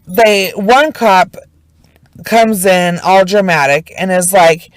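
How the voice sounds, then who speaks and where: Slow-talking, swearing woman storyteller. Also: mid-range voice, no echo, poor audio. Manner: chatty, heavy on fillers and swearing; emotionally invested, indignant. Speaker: true crime storyteller. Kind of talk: casual true crime retelling.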